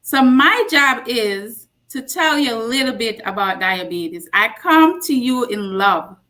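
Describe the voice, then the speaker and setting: Jamaican-born woman in her forties, a nurse, unhurried health talk, bright higher voice. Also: lively intonation. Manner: slow, warm storytelling with emphatic repeats. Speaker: guest speaker, nurse practitioner.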